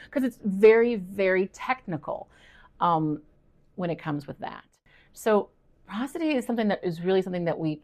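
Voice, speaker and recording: A woman's voice: fairly low pitch, darkish tone. A middle-aged woman reading tutor explaining reading skills in a chatty video lesson, correcting herself and thinking aloud as she goes.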